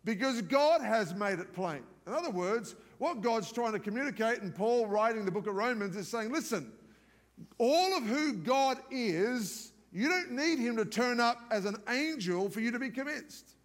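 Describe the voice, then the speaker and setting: Speaking at a moderate pace, a non-American male pastor with a strikingly high voice gives a live sermon. His delivery is lively and conversational, sprinkled with jokes, and the big church hall adds a long, ringing reverb.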